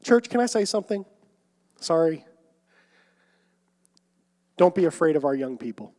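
A young man preaching a sermon, swinging between loud emphatic calls and quiet asides. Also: on the high side, lively intonation, unhurried. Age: young adult. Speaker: pastor. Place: church sanctuary. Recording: long hall reverb.

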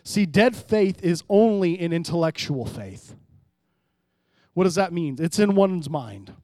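A man pastor preaching a sermon, swinging between hushed, low passages and loud, emphatic rises, often calling out to the congregation. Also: animated, a little slow, no echo, studio quality. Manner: preaching with sudden drops to quiet and loud rises, calls to the congregation.

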